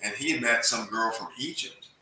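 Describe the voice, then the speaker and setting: Echoey, bright-voiced male host. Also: mid-range voice, normal speed. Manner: storytelling, friendly questions. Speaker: host and interviewer. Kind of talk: casual interview chat. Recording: very echoey room, distant mic, faint noise.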